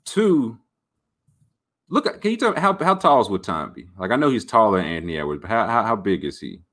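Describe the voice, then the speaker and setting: Low-voiced man in rambling sports chat. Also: fairly quick. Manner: animated, rambling, jokey. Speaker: podcast host. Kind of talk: casual sports talk.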